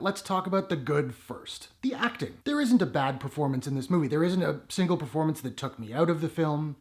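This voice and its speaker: Wry man reviewing a movie. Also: fairly high pitch. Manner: wry, sarcastic asides. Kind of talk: casual spoken review to camera.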